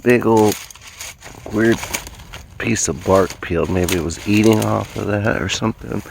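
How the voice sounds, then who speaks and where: A lower-pitched man rambles and muses as he walks through the woods. He talks to a handheld camera, and a faint outdoor hum sits behind him. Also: a little slow, vocal fry. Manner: rambling, musing. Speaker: vlogger. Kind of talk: casual outdoor vlog.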